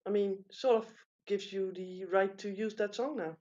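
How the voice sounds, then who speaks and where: A woman's voice: medium pitch, fairly even intonation, normal speed, mellow. A woman joining a panel chat, teasing the host and giggling between remarks. Her voice comes through a dull, muffled line.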